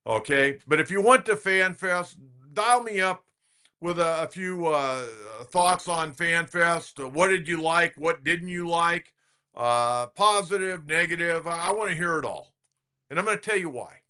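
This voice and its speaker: Bright-voiced veteran sports talk man. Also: a little high. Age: older. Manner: blunt, conversational, repeats himself for emphasis. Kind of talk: casual sports talk podcast monologue.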